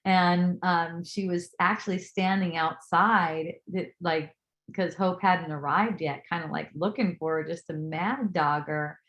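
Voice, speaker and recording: A woman telling a personal story in a casual, animated way, acting out what others said and swearing now and then as she draws a life lesson from it. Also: fairly low pitch, measured pace, lo-fi sound. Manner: animated, acts out quoted voices, swears casually. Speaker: spiritual teacher. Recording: echoey room.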